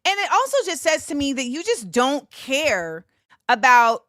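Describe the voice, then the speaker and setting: Slow-talking, bright-voiced woman host. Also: sits high, big pitch swings, no echo, studio quality. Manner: conversational and emphatic, with frequent fillers and laughter. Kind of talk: casual solo commentary.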